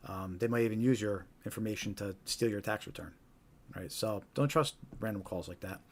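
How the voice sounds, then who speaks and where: Casual man hosting a live stream. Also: fairly low pitch. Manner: casual, repetitive, tag questions. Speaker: host.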